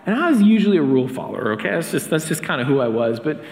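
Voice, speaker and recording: A man's voice: on the high side, big pitch swings, rapid-fire, gravelly, a little mellow. A man in his thirties preaching a sermon as a pastor, telling a personal story in a casual, chatty way with fillers and restarts. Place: church sanctuary. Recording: echoey hall with long reverb.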